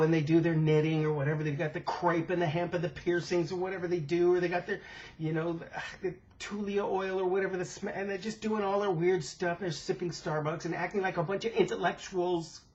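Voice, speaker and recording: A man's voice: high-pitched, a little mellow. A man giving an impromptu political rant to his camera, agitated and indignant, often repeating himself and restarting sentences. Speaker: political vlogger. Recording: dull lo-fi camera audio.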